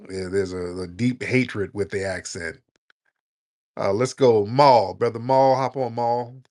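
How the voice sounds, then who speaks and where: A man hosting a call-in show, blunt and joking, scolding his callers in loud, casual talk. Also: lowish voice, steady tone, slow. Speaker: radio call-in host.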